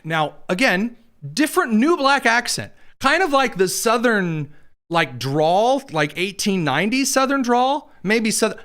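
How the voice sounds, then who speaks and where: A man's voice: high-pitched, lively intonation, moderate pace, fairly bright tone. A man hosting a political commentary show, talking in a sarcastic, mocking way.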